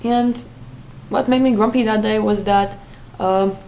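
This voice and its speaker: A woman's voice: mid-range voice, fairly even intonation, unhurried, vocal fry, darkish tone. Young woman rambling thru a personal story at home, lots of ums and likes, slight hiss. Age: young adult. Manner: rambling with frequent fillers and restarts. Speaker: vlogger. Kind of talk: casual storytime monologue.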